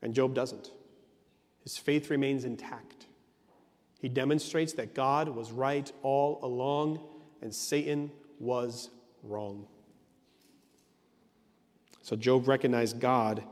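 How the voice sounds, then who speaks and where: A man's voice: mid-range voice, a little mellow, in a large hall. A man preaching an earnest sermon as a pastor, leaning on emphatic repetition.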